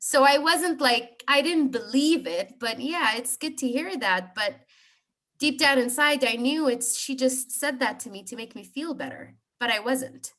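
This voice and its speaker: Guest, woman, 30s; slow, hesitant testimony with a high, bright tone. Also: animated. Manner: hesitant, many fillers and restarts. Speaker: guest sharing a healing story. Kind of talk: personal testimony on a group call.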